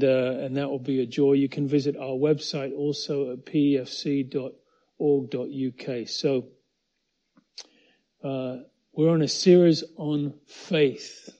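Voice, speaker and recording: A pastor preaches at an unhurried pace, his voice soft and mellow, leaning on repeated phrases for emphasis. The sound is slightly dull and lo-fi, as if from a modest stream. He sits a touch above the usual male pitch. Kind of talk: sermon with prayer, streamed to viewers.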